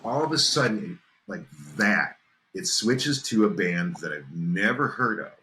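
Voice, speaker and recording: A man with a low, deep voice and a bright, forceful edge, spinning an eerie tale on a podcast. He builds suspense, pauses to ask "okay?", and leans into the drama. A faint hiss of noise sits behind him. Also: animated, poor audio. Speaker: podcast host. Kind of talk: casual storytelling chat.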